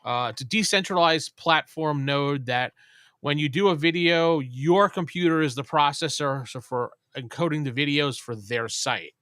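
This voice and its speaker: A man with a slightly high, fairly bright, clear and resonant voice hosts a laid-back live stream chat at normal speed, trailing off with ums. The sound is clean studio quality with no echo.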